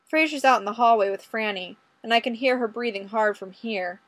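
A woman's voice: fairly high pitch, fairly quick, a bit bright, dry recording. A woman reading a first-person story aloud in a wry, conversational manner. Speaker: audiobook reader.

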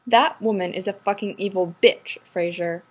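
A woman's voice: mid-range voice, fairly even intonation, moderate pace, breathy edge, natural voice. A woman voicing a brash, short-tempered male city cop who talks bluntly and swears. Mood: irritated.

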